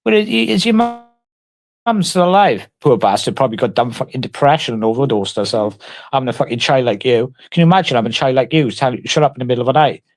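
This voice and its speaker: A man's voice: mid-range voice, lively intonation, fast talker. A man on a casual livestream, taunting and mock-threatening someone in crude, heavily sworn banter.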